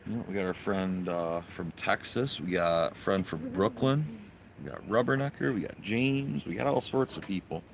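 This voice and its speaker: Male livestream host, low voice, easygoing chat, recorded outside. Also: normal speed, vocal fry, background noise. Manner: relaxed and chatty, greets viewers. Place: outdoors in a yard.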